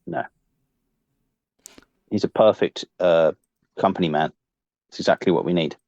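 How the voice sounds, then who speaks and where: A man's voice: low voice, measured pace, darkish tone, no echo, dull audio. A man co-hosting a casual football podcast, chatty and teasing, joking around with his co-host. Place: lives in Liverpool.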